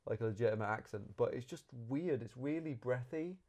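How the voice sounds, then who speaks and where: Rambling man with a mellow voice. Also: mid-range voice, brisk. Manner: rambling, animated, self-correcting. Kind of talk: casual movie review chat.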